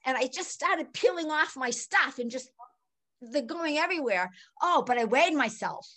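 An older woman telling a personal story in conversation, animated and laughing often, swinging between excited and hushed. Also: sits high, normal speed. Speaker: guest.

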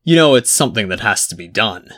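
A man's voice: fairly low pitch, very animated, fast, sharp tone, heavily acted. A man reading aloud and voicing a smug, insistent lord politician.

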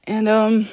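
In a mellow, medium-pitched voice, a woman hosts her podcast by herself, speaking candidly. She swears freely, makes fun of herself and laughs often.

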